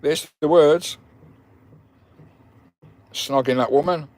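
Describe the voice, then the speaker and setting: Man, high voice, cheeky live-stream chat, swears and laughs. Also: slow, darkish tone. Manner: jokey, cheeky, swears freely, laughs a lot. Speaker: vanlife channel host. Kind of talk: live-stream chat playing a picture puzzle with viewers.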